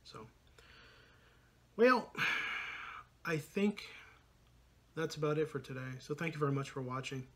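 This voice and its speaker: A man's voice: on the high side, animated, measured pace, pauses often, fairly bright tone. A man, likely in his thirties, talking casually to camera in a rambling vlog, full of fillers and self-corrections. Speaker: podcast co-host and vlogger.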